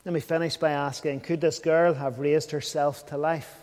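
High-voiced man preaching in a reverberant hall. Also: little pitch movement, normal speed, darkish tone. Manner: earnest, questioning, drops to a near whisper at times. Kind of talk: evening sermon.

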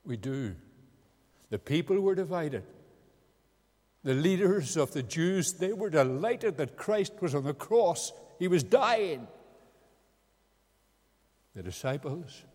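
Slow earnest preacher in a hall. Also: male voice, on the high side, lively intonation, a little mellow. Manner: slow, earnest, rising to emphatic peaks. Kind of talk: evangelistic sermon. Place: meeting house. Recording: long hall reverb.

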